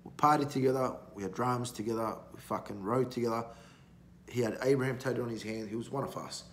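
A man's voice: medium pitch, fast talker, fairly bright tone. A man, a podcast guest telling stories in a blunt, rambling, heavily profane way. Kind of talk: casual storytelling. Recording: roomy echo, faint background noise.

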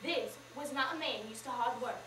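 A teenage girl performing a memorized story in the first person, with expressive, measured narration, in a school auditorium. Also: high-pitched. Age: teens. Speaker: student performer. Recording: echoey room, from far off, faint noise.

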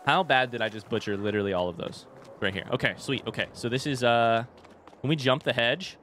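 Brisk and a bit bright, a young streamer's mid-range voice comes through with slight background noise. He talks casually with his chat while farming in a game, cursing every so often.

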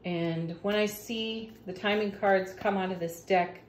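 A woman's voice: medium pitch, steady tone. A woman reading tarot cards in a casual, gushing way, laughing often. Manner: slow, warm-hearted, laughs often, gushing about the cards. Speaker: tarot reader. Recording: echoey room.

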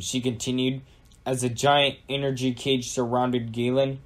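A man narrates an audio storybook at a medium pitch. His storytelling is plain and even. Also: a little slow.

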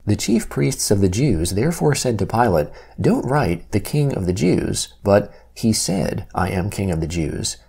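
A man reading Bible passages aloud in a measured, steady way, giving the quoted lines only a light lift. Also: lowish voice, gravelly, breathy edge. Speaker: Bible reader.

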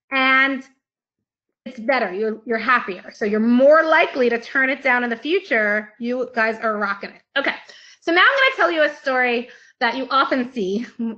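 A high, bright woman's voice gives an animated psychology lecture to students, lively and playful as she asks them questions. The sound is a little dull and lo-fi. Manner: lively, playful, acts out screaming child voices. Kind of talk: live online class lecture.

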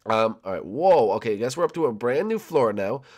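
A young man commenting on a building game, rambling and excitable with many fillers. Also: medium pitch, moderate pace. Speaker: gaming channel host. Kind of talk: gameplay commentary with role-play.

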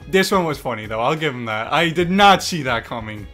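A young man reacting to memes in casual commentary, excitable and mock-exasperated, swearing and laughing often. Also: mid-range voice, brisk, few pauses. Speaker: YouTube meme reactor. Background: faint background music.

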